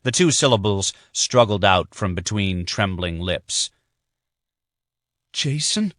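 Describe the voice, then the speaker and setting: A male narrator reading a thriller audiobook in a measured, even way. His voice sits low, and the recording is close and dry with no room sound. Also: no echo. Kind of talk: scripted narration.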